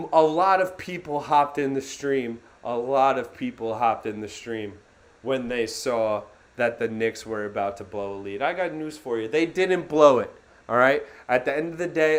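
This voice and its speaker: A young man with a medium-pitched voice hosts a live sports reaction stream. His mood swings from gloomy muttering to excited yelling, and he talks to his chat viewers by name.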